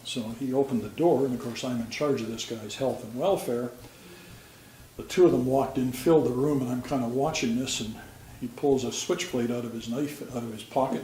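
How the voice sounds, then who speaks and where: A man's voice: medium pitch, brisk, dark tone. An older man, a retired police officer, telling stories from his career in a plain-spoken, folksy way with dry humor. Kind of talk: storytelling. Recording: roomy sound with faint background noise.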